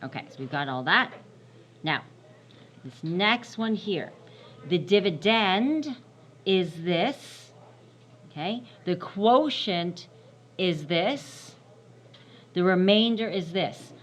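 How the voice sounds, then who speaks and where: A woman's voice: fairly low pitch, lively intonation, takes it slowly, long pauses, fairly bright tone. A woman teaching a math lesson, repeating and stressing key terms and often checking in with "right?". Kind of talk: recorded classroom math lesson.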